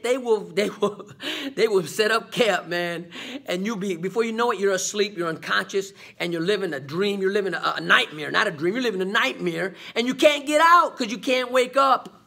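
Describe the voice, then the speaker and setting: Husky high-voiced man preaching. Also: sharp tone. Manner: preachy, repeats "man" and "come on"; call-and-response questions. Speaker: vlog host. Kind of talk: motivational talk to camera.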